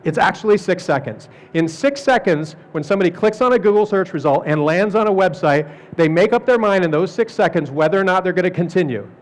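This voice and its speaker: A middle-aged man giving a lively, joking presentation to artists, acting out quoted people as he goes. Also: high voice, a little fast, few pauses. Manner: animated, jokey, acts out quoted people. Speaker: speaker at an art fair talk. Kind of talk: lecture presentation.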